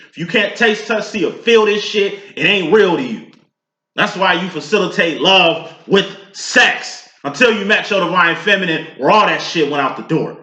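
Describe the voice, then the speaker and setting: A man's voice: a little high, pushed and bright, echoey room. A man giving a casual tarot reading in a profane, streetwise and preachy way. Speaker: tarot reader.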